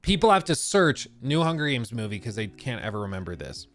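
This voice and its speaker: Man, live-stream host, lively pitch, sarcastic rant, basement desk, faint guitar music behind. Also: fairly quick. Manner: animated, sarcastic ranting with mocking quoted voices. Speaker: livestream host. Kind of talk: casual live-stream chat. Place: basement room at his desk.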